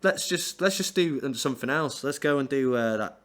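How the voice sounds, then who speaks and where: A man's voice: mid-range voice, expressive, normal speed, a bit bright, voice pushed up, close to an everyday voice. A man putting on the voice of a smug, bossy male bandmate who talks dismissively. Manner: dismissive, self-satisfied.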